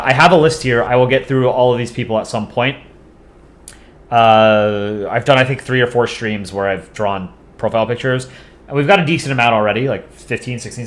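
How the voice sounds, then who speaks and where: A laid-back young man talks casually on a live drawing stream, his voice sitting at an ordinary middle pitch. He rambles easily between remarks to his chat and his work. Faint music plays quietly behind him. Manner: relaxed, chatty, answers chat while drawing.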